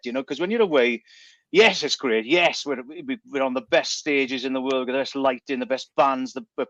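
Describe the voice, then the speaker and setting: A man's voice: mid-range voice, a bit bright, dry recording, lo-fi sound. A middle-aged man, a guest entertainer chatting on the radio, telling stories animatedly and stumbling over repeated words. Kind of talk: casual radio chat.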